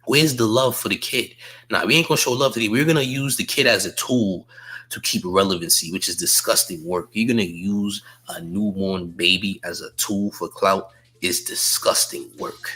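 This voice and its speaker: A man's voice: on the low side, normal speed, sharp tone, breathy edge, poor audio. A man giving opinionated celebrity news commentary, blunt and emphatic, often repeating slang tags at the end of his points.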